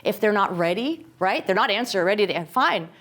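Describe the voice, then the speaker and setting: Woman, middle-aged, faith-based parenting talk, animated delivery, acts out quoted voices. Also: mid-range voice, moderate pace. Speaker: guest speaker on parenting and faith.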